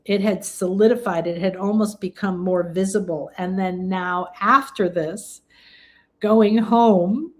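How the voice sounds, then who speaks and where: A woman from England hosting a live spiritual talk, gushing and rambling, with bursts of excited exclamation. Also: mid-range voice. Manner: rambling, with frequent restarts and fillers. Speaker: spiritual teacher and live-stream host.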